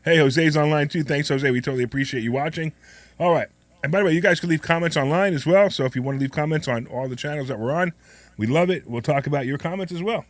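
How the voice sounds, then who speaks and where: A hoarse man co-hosting a call-in show, chatting casually and joking with his partner. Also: on the high side, fast talker, no echo. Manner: upbeat, joking, plugs the phone number. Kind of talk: casual radio chat.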